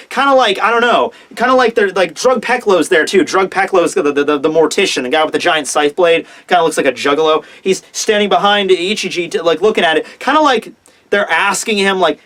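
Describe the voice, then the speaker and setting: A young man casually reviewing a comic chapter, excitable and profane, acting out the characters' lines. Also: sits high, quick pace. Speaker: manga reviewer.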